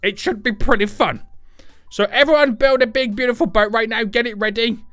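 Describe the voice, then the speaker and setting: A man streaming a game live, excitable and often breaking into shouts. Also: very high-pitched, fairly quick, no room sound, studio quality, faint music behind.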